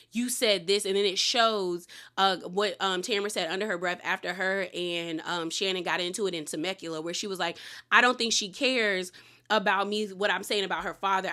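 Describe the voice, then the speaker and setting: A young adult woman with a bright, forward voice talks through a reality TV episode in a relaxed, chatty way. She is opinionated and retells the scenes with quoted lines, never stiff or scripted. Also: mid-range voice. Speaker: reality TV recap commentator. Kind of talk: casual recap commentary.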